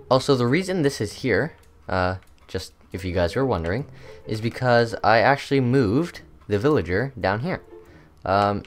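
A young man hosting a gaming video, chatting loosely through his gameplay with lots of ums and uhs. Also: medium pitch. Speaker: gaming channel host. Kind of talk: casual gameplay commentary.

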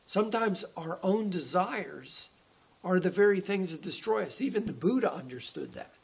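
Gravelly, high-voiced man preaching a sermon. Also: sing-song, normal speed. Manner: conversational preaching with frequent restarts. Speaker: pastor. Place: church.

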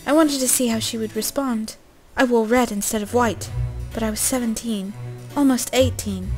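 A woman's voice: a little high, fairly even intonation, normal speed, darkish tone, soft background music, poor audio. A young woman reading a story game aloud in a casual way, breaking off with swearing, jokes and coughs.

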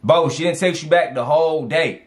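A man giving casual dating advice as he reacts to text messages, animated and slangy, repeating lines for emphasis. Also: a little high, moderate pace.

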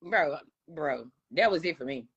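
A young woman with a Southern US accent, hosting a casual livestream chat, loud, playful and teasing. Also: deep voice, animated, a little slow, husky, highs cut off. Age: young adult. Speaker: DJ and livestream host. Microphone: phone on a live video call.

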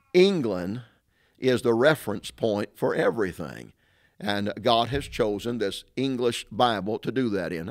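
A middle-aged male pastor preaching in an emphatic, repetitive way. He leans on rhetorical questions and circles back to the same points. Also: lowish voice. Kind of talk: sermon-style teaching talk.

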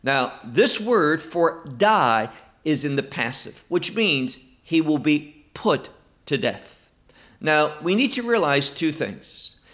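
Guy teaching bible verse by verse, slow and emphatic, voice rises and falls a lot. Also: a little high, big pitch swings, a bit bright. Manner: slow, emphatic, stresses key words.

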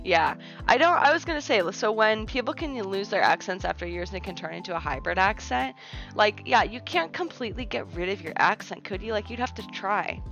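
A woman's voice: mid-range voice, animated, fairly quick, gravelly, a bit bright. Rambling American woman streamer chatting. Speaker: live streamer. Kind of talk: casual live-stream chat, reading chat aloud. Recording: dull lo-fi stream audio with faint music. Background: faint background music.

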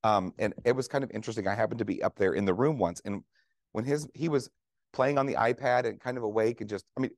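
A man's voice: fairly low pitch, fast, no echo, studio quality. A man who is a veteran trauma nurse giving a conference lecture to clinicians, conversational and joking, often asking the room questions. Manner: conversational, jokey, asks audience questions.

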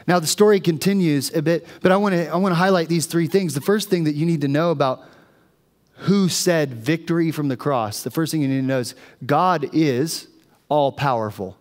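A man's voice: fairly high pitch, moderate pace. A man preaching a sermon in a church, telling stories animatedly to the congregation. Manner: animated storytelling, addressing the congregation. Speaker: pastor. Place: church sanctuary. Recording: long reverb of a church hall.

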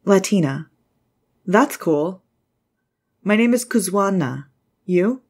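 A woman voicing a friendly, easygoing teenage male surfer in a chatty, relaxed way. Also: medium pitch, slow pace, husky, pitched above the performer's own voice, full character voice.

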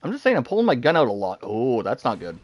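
A man giving live commentary while he plays a game, excitable, talking to himself and laughing often. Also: mid-range voice, fast, no room sound, dull audio. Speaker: gaming streamer.

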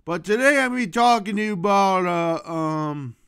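A man delivering a rambling comedic monologue to camera as the host of his own show, swinging between loud outbursts and low muttering. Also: lively intonation, moderate pace, creaky, clear, resonant tone. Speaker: vlogger.

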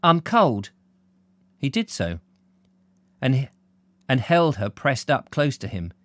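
In a dry recording, a British man with a medium-pitched, sing-song voice reads a novel aloud slowly on a live stream. He then chats with viewers, warmly reading out what they've commented.

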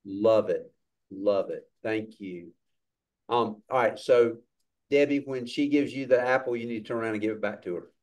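Low-voiced man as church class leader, encouraging and upbeat over a video call. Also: moderate pace, a little mellow.

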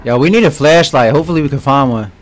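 A man's voice: medium pitch, quick pace. A young man commenting live as he plays a horror game, jumpy, swearing often and talking straight to his viewers. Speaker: gaming streamer.

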